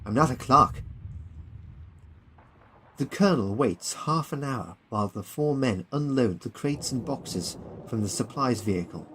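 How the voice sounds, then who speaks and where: A man's voice: mid-range voice, animated, moderate pace, hardly any pauses, a little hiss or hum, rough recording. Man narrating a war audiobook. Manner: plain storytelling. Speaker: narrator and author.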